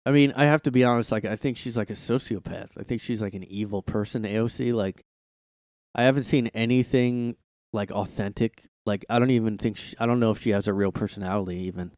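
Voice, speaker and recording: A man's voice: fairly low pitch, fairly quick, a little mellow, no room sound. A man hosting a casual solo podcast from his room, rambling and swearing, packing his speech with "like", on a close mic. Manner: rambling, heavy "like" filler, profane. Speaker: podcast host.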